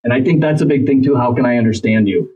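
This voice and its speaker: A man's voice: medium pitch, fast talker, a little hiss or hum. A man, a relationship coach chatting casually and acting out bits of dialogue with joking asides. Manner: animated, acts out dialogue with jokey asides. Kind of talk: casual conversational advice. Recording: slightly dull, lo-fi audio.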